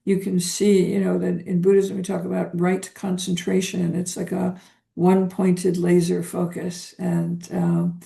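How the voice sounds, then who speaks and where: Woman guest, psychotherapist, gravelly fry-heavy voice, kinda flat, thinks out loud with lots of ums. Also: lowish voice, a little slow. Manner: reflective, hesitant with frequent ums. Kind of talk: spiritual interview conversation.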